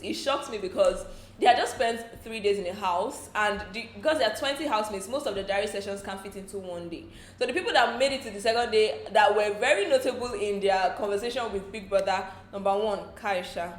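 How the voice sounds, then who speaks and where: Nigerian woman, gossipy recap host, mid-pitched, echoey room. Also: a little fast, slight background noise. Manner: chatty, laughs often, slips into pidgin asides. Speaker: entertainment show recap host.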